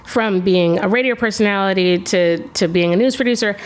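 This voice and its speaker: A woman's voice: medium pitch, a little fast. Encouraging woman podcast host. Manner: encouraging, lots of affirming mm-hmms. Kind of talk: casual chat.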